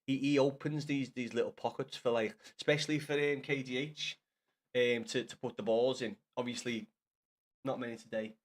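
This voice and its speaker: A man's voice: medium pitch, steady tone, moderate pace. A young man with a Scouse accent chatting casually about football on a live stream, rambling, swearing and addressing viewers by name. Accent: Liverpool Scouse.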